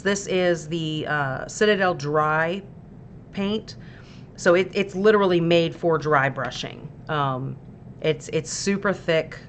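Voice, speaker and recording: A woman's voice: deep voice, slight background noise. A woman hosting a miniature painting livestream, explaining her paints in a chatty, easygoing way with plenty of fillers. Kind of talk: casual paint-along tutorial.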